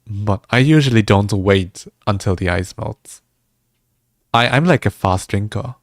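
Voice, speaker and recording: A man's voice: lowish voice, a little slow, dry recording, studio quality. A man chatting casually with viewers during a livestream, laughing often and restarting his words as he goes. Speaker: music streamer.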